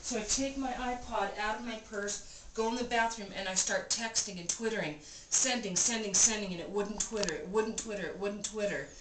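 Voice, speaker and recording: A woman vlogger in a cabin room, telling a personal story in an animated, breathless way and repeating phrases for emphasis. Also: mid-range voice, moderate pace. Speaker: vlogger recounting an experience. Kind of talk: casual storytelling. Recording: roomy room with clear background noise.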